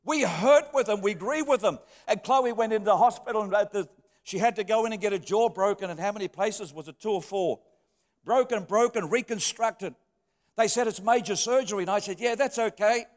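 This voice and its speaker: A middle-aged pastor with a notably high voice gives a heartfelt sermon. He tells personal stories, sinking to soft tones and then lifting again. His words ring out with a long, echoing reverb in a church hall. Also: a little fast. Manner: heartfelt storytelling, dropping soft then rising.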